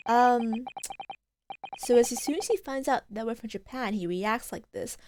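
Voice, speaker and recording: A woman's voice: a little high, moderate pace, darkish tone, a little hiss or hum. A woman streaming a game, chatting casually and rambling between laughs. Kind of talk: casual gameplay commentary.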